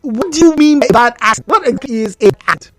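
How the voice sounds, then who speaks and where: A man's voice: very high voice, animated, quick pace, over loud music. A man with a Nigerian accent hosting a call-in radio show from a studio microphone, chatting and asking the audience rhetorical questions. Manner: chatty, rhetorical questions, laughs between points. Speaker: radio host.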